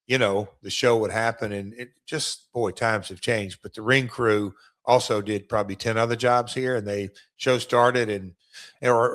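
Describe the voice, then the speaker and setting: A man's voice: on the low side, fairly bright tone. A middle-aged man and former wrestler, co-hosting a casual podcast, telling rambling road stories and often restarting his sentences.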